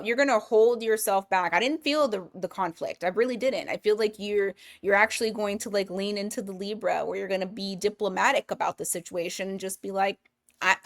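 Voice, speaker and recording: A woman giving a casual weekly tarot reading, blunt and profane, thinking aloud as she pulls cards. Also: medium pitch. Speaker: tarot reader.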